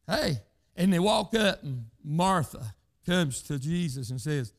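An older man preaching a fervent sermon, peppering lines with "hey" and breaking into shouts. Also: fairly high pitch, lively intonation, takes it slowly.

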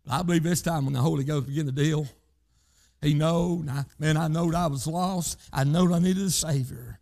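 A man preaching a sermon fervently, breaking in with repeated interjections and swinging between shouted and hushed lines. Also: a little high, normal speed, vocal fry.

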